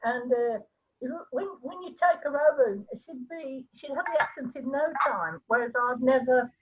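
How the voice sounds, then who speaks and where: An older woman with a Birmingham accent talks in a lively, rising and falling voice. It is slightly husky and comes through a dull, lo-fi video call. She chats in a relaxed, reflective way. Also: high-pitched, normal speed. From Birmingham, England. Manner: chatty and reflective. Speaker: online class participant. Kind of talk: casual chat.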